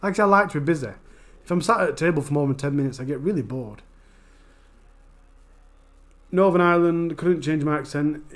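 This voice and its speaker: A Yorkshire man with a broad accent chats loosely with his viewers during a live stream. His voice sits a little high for a man, and he rattles through his thoughts at a quick, informal clip. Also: a bit bright. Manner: fast-talking, broad and informal. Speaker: true crime channel host.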